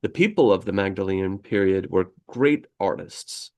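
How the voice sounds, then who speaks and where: A low-voiced man with a gravelly edge co-hosts a relaxed podcast. He reads passages aloud and keeps wandering off into chatty asides, laughing as he goes. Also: moderate pace. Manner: rambling, digressive, laughs often. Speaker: podcast co-host. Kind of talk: casual chat reading from a history book.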